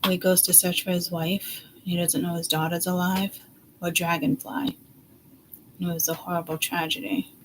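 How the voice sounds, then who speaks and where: Middle-aged lady rambling thru a tarot reading, lowish voice, blunt, cusses a lot. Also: flat delivery, normal speed, background noise. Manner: chatty and blunt, swears freely. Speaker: psychic tarot reader. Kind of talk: casual rambling intuitive reading.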